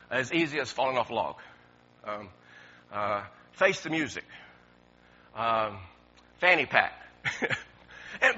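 A man preaches a sermon with a high, bright, somewhat husky voice that swings widely in pitch. He chuckles often and stumbles over repeated words as he talks. The recording sounds dull and lo-fi.

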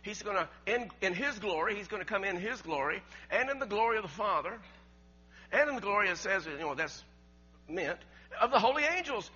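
A man preaching a sermon, emphatic and rising to near shouts, with laughs between his points and words he repeats. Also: high-pitched, lively intonation, brisk, slightly rough. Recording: dull lo-fi recording with mains hum.

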